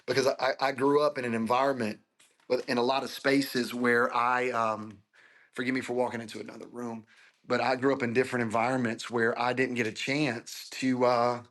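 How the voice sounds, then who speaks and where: This man, a pastor in his forties from Florida, shares his life story as an interview guest over a video call, earnest and emotional in content. His medium-pitched, slightly bright voice is delivered flatly at a normal pace.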